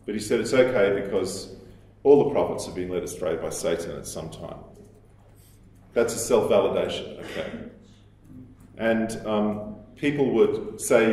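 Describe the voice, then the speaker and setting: A man giving a recorded lecture, explaining at a measured pace and quoting sources, with some fillers. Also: fairly low pitch, darkish tone. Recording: very echoey room.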